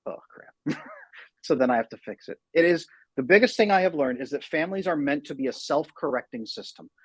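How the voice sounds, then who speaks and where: Husky-voiced man, animated and earnest. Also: medium pitch, no echo, low-quality recording. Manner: animated, acts out quoted dialogue in lively voices; earnest, explanatory. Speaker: attachment specialist guest. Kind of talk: casual podcast interview.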